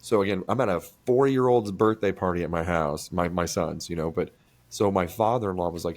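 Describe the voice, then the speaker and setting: A man co-hosting a podcast, chatting crudely and telling animated stories. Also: low voice, fairly quick, no echo. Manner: crude, animated storyteller, acts out quoted voices. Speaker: podcast co-host. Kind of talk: casual podcast chat. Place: small studio room.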